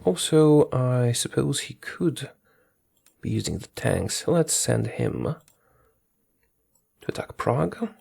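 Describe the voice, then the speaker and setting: Casual game commentator, male, gravelly and husky, lively pitch, muttering orders to his troops. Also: slow pace, long pauses. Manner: thinks aloud, talks to his units, corrects himself. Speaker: strategy game streamer.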